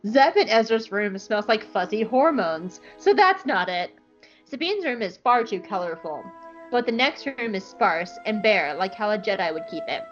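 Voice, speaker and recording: A woman's voice: medium pitch, sing-song, moderate pace, soft background music. A young woman hosting a podcast, recapping an episode in a chatty, irreverent way and swearing casually. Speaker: podcast host. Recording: slightly muffled lo-fi recording.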